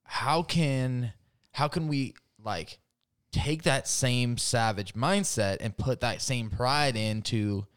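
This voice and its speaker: A man chatting as a guest on a podcast, his voice smooth and resonant at a middle pitch. He rambles through fillers and breaks into laughter as he retells stories. The sound is close and dry. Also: slow pace, no room sound. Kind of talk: casual podcast chat.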